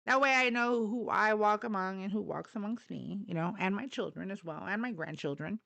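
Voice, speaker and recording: A woman's voice: medium pitch, moderate pace, vocal fry, a bit bright. A middle-aged woman hosting a live political talk stream, blunt, profane and fired up. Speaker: livestream host.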